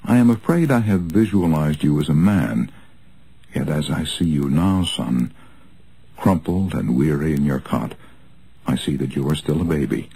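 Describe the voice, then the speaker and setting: A man reading a nonfiction audiobook aloud in an earnest, measured way with expressive rises. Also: rumbling low, vocal fry, husky, rough recording. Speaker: audiobook narrator.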